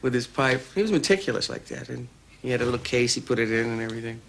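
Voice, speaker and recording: A man's voice: medium pitch, expressive, fast, creaky, fairly bright tone. A man telling a chuckling anecdote in an interview. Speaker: interviewee recalling a friend.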